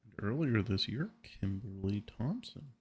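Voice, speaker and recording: A man's voice: fairly low pitch, very animated, measured pace, slightly rough. A man giving casual gameplay commentary, thinking aloud and often muttering questions to himself. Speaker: let's play gamer.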